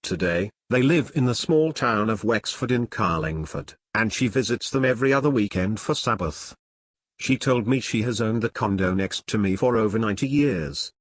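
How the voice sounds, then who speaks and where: Guy reading his own audiobook, pitch moves around a lot, dry close sound. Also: animated, no echo. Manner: measured first-person reading. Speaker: author and narrator. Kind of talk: audiobook narration.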